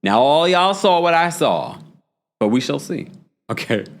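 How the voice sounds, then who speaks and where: A man's voice: a little high, unhurried. A young man hosting a reality TV recap show, talking in a casual, gossipy way and acting out quoted lines. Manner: animated and gossipy, with exaggerated quoted voices. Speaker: podcast host recapping reality TV.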